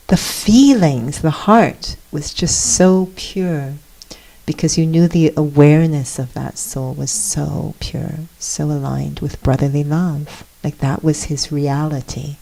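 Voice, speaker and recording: A woman with a low, warm, mellow voice gives a reflective spiritual talk. She speaks softly and earnestly, often pausing with fillers as she searches for words. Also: creaky, low-quality recording. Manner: soft-spoken and earnest, with hesitant fillers. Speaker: guest speaker, meditation teacher.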